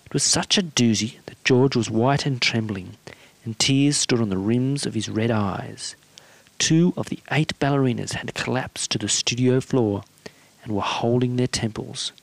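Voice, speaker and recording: Male reader, measured storytelling, close dry mic. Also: mid-range voice, creaky, dry recording. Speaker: narrator. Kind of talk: story reading.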